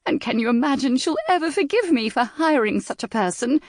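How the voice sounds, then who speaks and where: A woman voicing a hysterical, shrill middle-aged noblewoman in a period audiobook, her delivery wailing and indignant. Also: very animated, normal speed, breathy edge, dry recording, studio quality. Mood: hysterical outrage.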